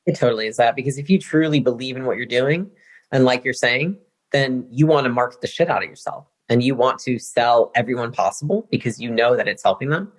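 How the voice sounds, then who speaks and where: A woman's voice: very deep voice, brisk. A woman, a guest on an interview podcast, speaking frankly and casually. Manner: frank and blunt, casual swearing.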